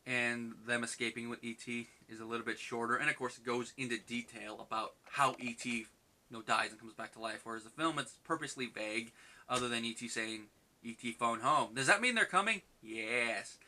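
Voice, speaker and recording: A man with a sharply bright, pushing voice chats his way through a book review. He rambles loosely with plenty of fillers. Now and then he breaks into quick acted-out bits of dialogue. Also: mid-range voice. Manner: chatty, acts out quoted lines in quick bursts. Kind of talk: casual spoken book review.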